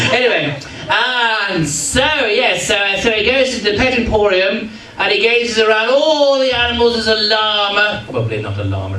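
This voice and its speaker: An English comedy entertainer tells a comic story to a live audience in a high, pushed, bright voice, chatty and teasing with a playfully pompous air. He's recorded from far off in an echoey hall, with the crowd audible.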